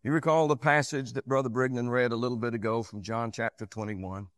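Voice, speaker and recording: A man preaching a sermon, rising to loud, high passages and sinking to low, quiet ones. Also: steady tone, a little fast, dry recording.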